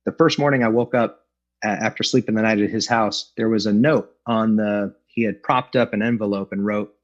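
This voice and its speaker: A man's voice: lowish voice, fairly even intonation, moderate pace. A middle-aged man sharing his recovery story at an online meeting, candid and self-deprecating, with frequent fillers. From Los Angeles. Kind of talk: personal recovery talk. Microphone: video call. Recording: dull lo-fi online call audio.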